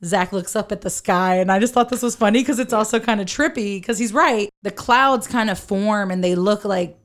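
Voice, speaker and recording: Woman podcast co-host, casual chat, giggly, acts out quotes, mid-pitched voice. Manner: giggly, retells scenes with quick acted quotes.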